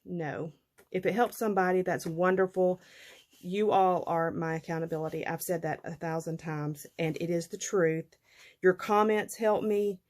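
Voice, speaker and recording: A woman's voice: lowish voice, steady tone, moderate pace, a little mellow. A middle-aged woman, chatting casually to her viewers in a folksy way, laughing often. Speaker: vlogger.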